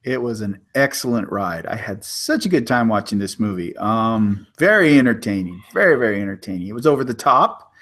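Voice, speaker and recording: A man co-hosting a movie review podcast, relaxed and enthusiastic. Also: lowish voice, a little fast, hardly any pauses. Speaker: podcast co-host. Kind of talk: casual movie review chat.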